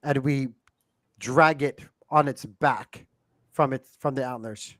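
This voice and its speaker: A man's voice: mid-range voice, slow pace, a bit bright, no echo. A man as a player in a tabletop game, chatting playfully in character. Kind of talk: casual tabletop game chat.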